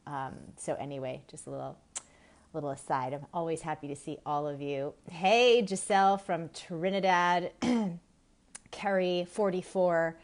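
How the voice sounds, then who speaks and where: A woman from Massachusetts in her forties, hosting a live stream on women's health, chatting and laughing as she greets viewers by name. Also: sits low.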